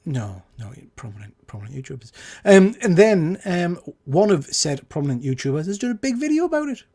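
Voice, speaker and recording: A man's voice: fairly high pitch, big pitch swings, fairly quick, mellow, slightly rough. A man co-hosting a casual comics chat show, rambling and correcting himself as he talks. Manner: chatty, rambling, self-correcting. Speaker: podcast co-host.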